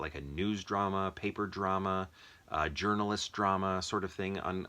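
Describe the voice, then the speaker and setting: Low, bright-voiced rambling man. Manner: rambling, thinking aloud with many fillers. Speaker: movie reviewer. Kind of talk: casual movie ranking monologue.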